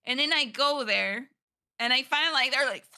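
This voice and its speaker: A woman co-hosting a casual podcast chat, telling stories with plenty of expression. Her voice is bright and forceful, and it sits a little high. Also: moderate pace, smooth. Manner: expressive storyteller, loud outbursts and laughter.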